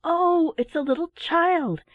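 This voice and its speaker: Woman doing little girl, sweet, wistful, lively pitch, phone-like sound. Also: moderate pace, dry recording. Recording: dry, phone-like narrow sound.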